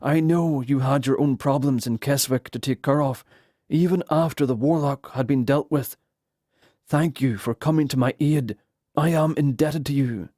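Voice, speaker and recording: A man's voice: mid-range voice, moderate pace, warm tone, dry recording, clean studio sound, close to an everyday voice. Man voicing a weary young king. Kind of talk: audiobook character voice.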